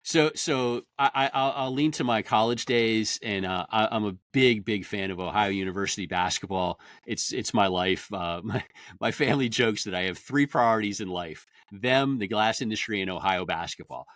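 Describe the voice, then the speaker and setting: A middle-aged man, a podcast guest, talking fast and with lots of energy in a casual interview. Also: fairly low pitch, a bit bright, dry recording, clean studio sound. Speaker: guest, industry consultant.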